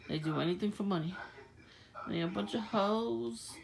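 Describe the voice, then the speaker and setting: A woman's voice: medium pitch, very animated, slow pace, vocal fry, crowd noise, rough recording. A woman talking casually to camera, laughing often as she rambles through a story. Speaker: vlogger. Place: outdoors at night.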